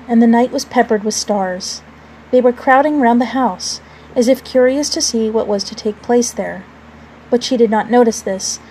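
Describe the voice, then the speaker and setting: A woman narrating a classic storybook aloud in a measured, expressive way. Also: fairly high pitch, slight background noise, poor audio.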